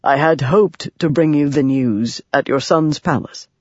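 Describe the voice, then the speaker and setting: A narrator voicing a proud, scheming male high prince in an audiobook, speaking smoothly and formally with false sorrow. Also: unhurried, no room sound, lightly acted. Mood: grave. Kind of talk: audiobook character voice. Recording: dry, dull lo-fi sound.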